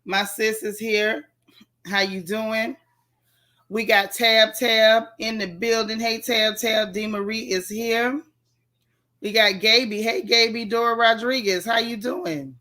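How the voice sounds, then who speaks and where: A woman's voice: fairly high pitch, steady tone, slow, sharp tone. A tired woman hosting a casual live stream, chatting and greeting viewers by name in folksy slang. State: tired, yawning. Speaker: livestream host.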